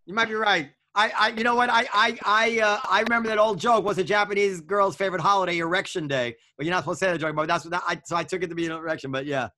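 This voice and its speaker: A man's voice: high-pitched, steady tone, racing, few pauses, pushed and bright, slight background noise. A man hosting a casual comedy panel chat, often stumbling and repeating words before ranting indignantly. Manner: stammering restarts, repeats words. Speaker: podcast host.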